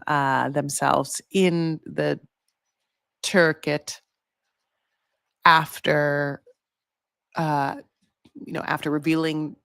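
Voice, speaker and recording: A woman's voice: deep voice, vocal fry, a bit bright, no echo, studio quality. A woman giving a casual, rambling recap of a reality show, full of "like" and "you know". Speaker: recap vlogger.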